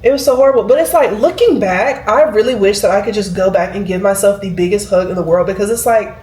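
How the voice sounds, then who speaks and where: A woman's voice: mid-range voice, quick pace, a little mellow, slight background noise. A woman, chatting and rambling to camera as a vlogger, with lots of "like" fillers. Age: 20s. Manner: chatty, rambling, heavy use of "like". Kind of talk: casual chat to camera. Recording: roomy echo.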